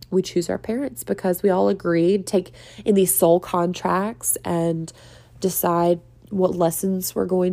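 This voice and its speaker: A woman's voice: fairly low pitch, a little mellow. A woman hosting a solo spiritual podcast, talking in an earnest, chatty way and laughing often. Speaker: podcast host and spiritual coach. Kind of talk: casual solo podcast monologue.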